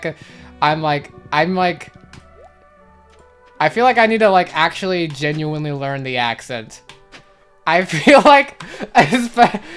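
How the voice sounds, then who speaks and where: A young adult woman streaming a game, chatting casually and rambling with many fillers and restarts. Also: lowish voice. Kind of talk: casual chat while gaming.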